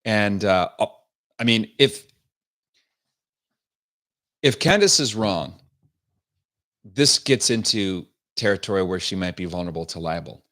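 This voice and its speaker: Male livestream host, fairly low voice, scornful and sarcastic, opinionated political commentary, greets chat. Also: expressive, a little slow, long pauses, fairly bright tone. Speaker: show host.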